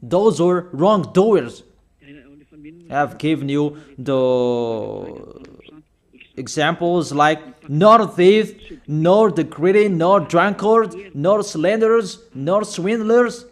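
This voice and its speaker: A male preacher with a rather high voice delivers a sermon at a slow, deliberate pace. He speaks sternly and admonishes his listeners, repeating phrases again and again for emphasis. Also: lively intonation.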